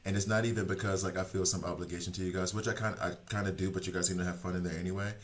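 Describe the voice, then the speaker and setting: A man's voice: low voice, level tone, racing. A young man streaming, chatting casually with viewers in a rambling, self-deprecating way, full of fillers and restarts.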